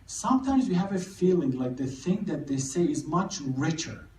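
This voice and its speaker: A man's voice: on the high side, very animated, mellow, slight background noise. Man lecturing in an echoey hall. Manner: halting, many repeated words and restarts. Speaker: literature lecturer. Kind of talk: live literature lecture. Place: cinema hall. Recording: echoey room, mic far off.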